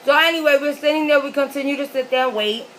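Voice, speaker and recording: A young woman with a bright, somewhat high voice tells a long story while she eats, animated and full of swearing. She keeps slipping into the voices of the people in the tale. A faint hiss of noise sits under the recording. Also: fast, low-quality recording. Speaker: mukbang vlogger. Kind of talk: casual storytelling while eating.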